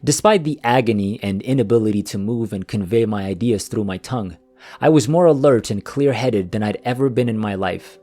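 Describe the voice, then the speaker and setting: A man narrating a scripted first-person story in a calm, even manner. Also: on the low side, a little fast. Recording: faint music behind the voice.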